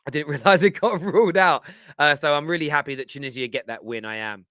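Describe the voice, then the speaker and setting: A man's voice: fairly high pitch, fast talker, a bit bright, no room sound, studio quality. A man hosting a live football reaction stream, chatting enthusiastically and reading out viewer comments. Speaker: football show host.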